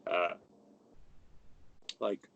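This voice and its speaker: A man's voice: drawn-out words, fairly bright tone, highs cut off, slight background noise. A young adult man narrating a tabletop game as game master, in a casual, rambling way full of fillers.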